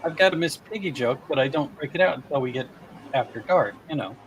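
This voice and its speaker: A man's voice: mid-range voice, lively intonation, fast talker, slight background noise, rough recording. A man chatting on a live stream, teasing and setting up a joke. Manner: teasing, sets up jokes. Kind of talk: casual live stream chat.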